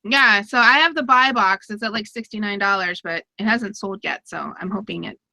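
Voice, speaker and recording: A woman's voice: medium pitch, moderate pace, creaky, pushed and bright, dry recording. A woman hosting a casual online chat show, talkative and laughing often. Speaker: podcast host.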